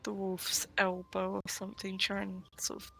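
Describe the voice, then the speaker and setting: A woman's voice: medium pitch, monotone, normal speed, vocal fry, a bit bright, rough recording. A woman playing in a tabletop game, talking hesitantly with many ums and apologies. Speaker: player.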